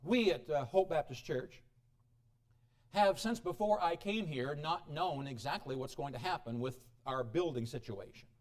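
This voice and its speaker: A man preaching a sermon as pastor, animated, swinging between loud exclamations and quiet asides. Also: on the high side, normal speed. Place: church.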